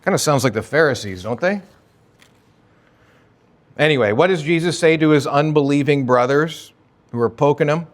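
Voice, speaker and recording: A male pastor gives an expository sermon in a relaxed, conversational tone. He keeps asking the listeners rhetorical questions, and his voice sits a little high for a man. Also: moderate pace, pauses often.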